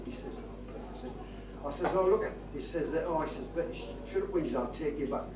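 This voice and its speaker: A little fast and on the high side, this older Geordie comedian rambles through comic stories in a broad northern lilt before a live audience. Background noise and audience laughter come through an echoey, distant stage recording.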